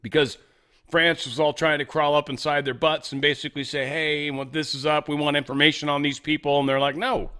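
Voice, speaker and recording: A man's voice: a little high, level tone, a little fast, sharp tone, smooth. Rambling, sarcastic male commentary host. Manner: rambling, sarcastic asides between read-out news. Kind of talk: casual political commentary.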